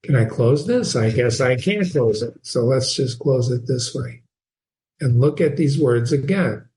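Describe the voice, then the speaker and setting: A man's voice: mid-range voice, animated, measured pace, mellow. A man teaching a literature lesson in an informal way. He repeats key phrases and asks the listener questions. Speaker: reading teacher and host. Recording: roomy echo.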